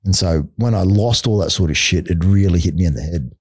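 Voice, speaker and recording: A man's voice: sits low, a little fast, husky, no room sound, clean studio sound. A middle-aged man with an Australian accent, a martial arts coach telling stories as a podcast guest in a blunt, casual way, swearing freely and saying "mate" and "like" a lot. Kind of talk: casual storytelling chat.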